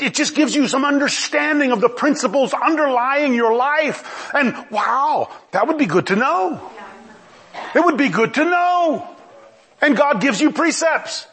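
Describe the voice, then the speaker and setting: Animated preacher with a husky high voice. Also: male voice, unhurried. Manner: animated, conversational, asks the congregation questions. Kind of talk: sermon.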